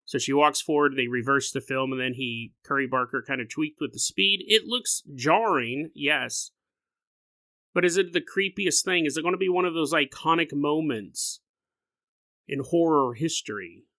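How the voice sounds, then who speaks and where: A man hosting a paranormal podcast, talking casually in a rambling, animated way and laughing often. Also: a little high, moderate pace, no echo. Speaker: podcast host. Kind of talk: casual solo podcast talk.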